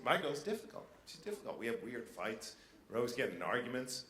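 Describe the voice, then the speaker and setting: A male stand-up comedian performing a set in a live venue, animated and breaking into loud mock outrage. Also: medium pitch, quick pace. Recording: roomy live venue with faint noise.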